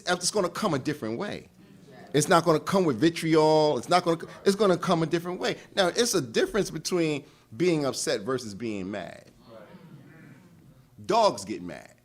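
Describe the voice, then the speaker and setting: Guy teaching a relationship class, animated, keeps asking the room "is that right", swoops all over in pitch. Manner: animated, laughing, acts out quarrels; asks the room for agreement. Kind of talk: casual lecture to a group.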